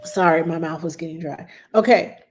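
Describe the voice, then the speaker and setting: A nanny answering viewers' baby questions in casual talk, reassuring and lively, acting out baby sounds and repeating "yes" for emphasis. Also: female voice, low-pitched, moderate pace, soft background music. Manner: animated, acts out baby talk and her own quotes.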